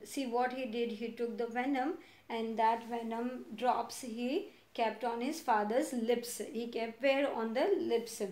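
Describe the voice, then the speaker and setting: A woman teacher with an Indian English accent and a slightly high voice reads a story aloud line by line. She re-explains each part in simple words and asks her class questions. The sound is echoey, as in a bare room. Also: a little mellow.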